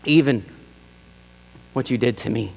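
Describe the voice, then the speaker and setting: A male pastor preaching a sermon in a church, animated and emphatic, repeating key phrases and acting out quoted lines. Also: medium pitch, unhurried, gravelly, big-room sound. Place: church sanctuary.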